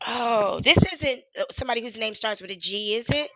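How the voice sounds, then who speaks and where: A woman's voice: a little high, brisk, fairly bright tone, poor audio. A woman hosting a casual live stream as an activist, talking candidly and emotionally, swearing freely and laughing often. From Charlotte, USA. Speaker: livestream host and activist.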